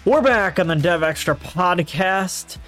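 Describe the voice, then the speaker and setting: Over music, a man in his twenties speaks in a high, unhurried voice while hosting his own podcast. He's a Northeast Ohio, USA native, and his casual solo monologue rambles through animated stories.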